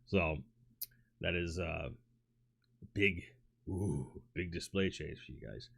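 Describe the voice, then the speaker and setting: A man's voice: low-pitched, takes it slowly, creaky, fairly bright tone. A man with a New York accent hosting a casual livestream from home on a studio mic, rambling, reading chat aloud, with lots of fillers and restarts. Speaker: livestream host. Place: home toy room. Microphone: studio microphone.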